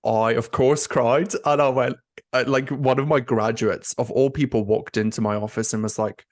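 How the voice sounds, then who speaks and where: The voice is a young man's, mid-range and moderately paced, with studio quality and no room sound. A nurse coach, he talks openly and emotionally as a guest in a candid interview, using "like" and "you know" nonstop.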